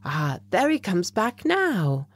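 A woman voicing a young male hotel hall boy with quick, deferential speech. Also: mid-range voice, wildly swooping pitch, voice pushed up, heavily acted. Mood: eager.

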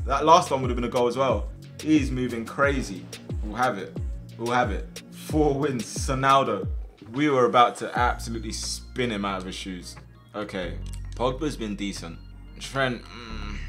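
A young man giving casual, slangy commentary over his own football video game matches, with sudden loud outbursts at big plays. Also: fairly low pitch. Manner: casual slangy chat to viewers. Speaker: gaming video host. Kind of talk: live gameplay commentary.

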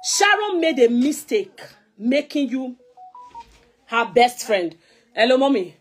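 A young Nigerian woman with a high-pitched voice goes live on her phone to call someone out. She is confrontational and scolding, slipping pidgin into her English. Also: very animated, slow pace. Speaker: social media personality. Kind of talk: heated live video rant.

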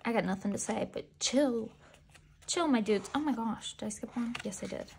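A woman vlogger giving excitable, gushing commentary as she unboxes merchandise and talks back to the photos. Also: on the high side, moderate pace, creaky, slight background noise.

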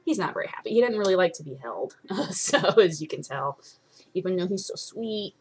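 A woman's voice: fairly low pitch, lively intonation, fairly quick, slightly rough. Chatty young woman, rambling webcam vlog. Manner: rambling, chatty, many ums, swears casually. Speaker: vlogger. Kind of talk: casual chat to followers. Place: at home by her desk.

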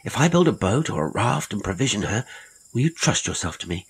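Earnest lonely castaway, deep and husky, read by the narrator. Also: male voice, expressive, normal speed, rough recording. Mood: eager. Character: lonely, impulsive English castaway man, earnest.

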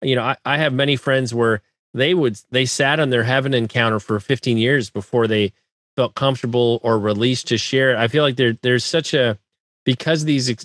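A man hosting an interview, asking long, thoughtful questions with halting restarts. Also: medium pitch, fairly bright tone, dry recording. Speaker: podcast host.

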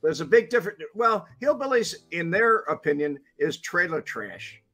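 Husky, high-voiced male co-host. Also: very animated, normal speed, a bit bright, soft background music. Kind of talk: casual livestream chat.

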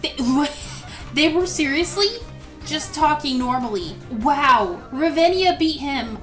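A woman hosting a gameplay video, excitable and gushing, gasping often as she comments on the game. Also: high-pitched, a little slow, faint music behind. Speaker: gaming video host. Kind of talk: let's play commentary.

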